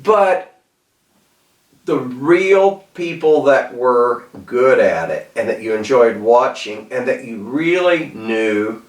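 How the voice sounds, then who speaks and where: Southern man, folksy rambling motivational talk, lively rising pitch, echoey room away from the mic. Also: slow pace, recorded from a distance. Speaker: speaker on self-improvement.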